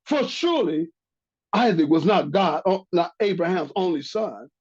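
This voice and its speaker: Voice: medium pitch, lively intonation, moderate pace, darkish tone, breathy edge. A religious teacher giving a bible lesson, reading verses aloud and repeating key phrases for emphasis. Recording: dull lo-fi recording.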